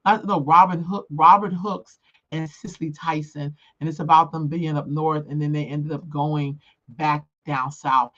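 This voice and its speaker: An older woman co-hosting a casual chat, outspoken and emphatic, moving between calm reflection and heated rants. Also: sits low, normal speed, dull audio. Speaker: co-host.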